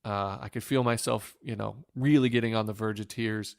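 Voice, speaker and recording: Gravelly, smooth-voiced man telling stories. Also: on the low side, fairly even intonation, moderate pace, no room sound, clean studio sound. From Northwest Ohio. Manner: emotional, reflective storytelling with many fillers and restarts. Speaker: guest, former pro pitcher. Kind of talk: storytelling in a podcast interview.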